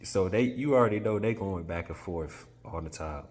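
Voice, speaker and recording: A man retelling a children's story in an animated, chatty way, often correcting himself as he goes. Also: sits low, moderate pace, big-room sound.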